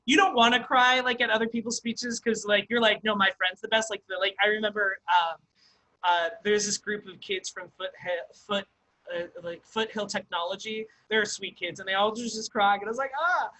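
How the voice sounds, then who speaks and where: Young guy guest on a podcast, high bright voice, rambling animated stories, lots of likes. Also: rough recording. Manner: animated, fast storyteller full of likes and ums. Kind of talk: casual storytelling interview.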